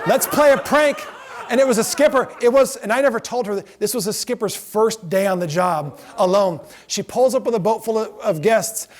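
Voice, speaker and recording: Guy with a pretty high voice giving a talk, rambly and jokey, keeps laughing at his own stories. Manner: self-correcting, rambling asides. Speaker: lecturer and former ride skipper. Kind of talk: anecdotal lecture.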